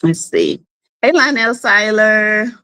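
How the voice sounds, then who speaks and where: Slow, chatty woman streaming from home. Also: medium pitch, expressive, pushed and bright. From South Carolina. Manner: chatty, greets viewers by name, laughs often. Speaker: livestream host. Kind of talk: casual live chat.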